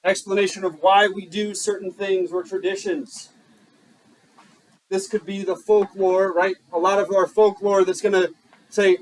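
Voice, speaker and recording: A man's voice: sits high, flat delivery, unhurried, low-quality recording. A male teacher giving a classroom lecture, joking and putting questions to the class. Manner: joking, keeps quizzing the class.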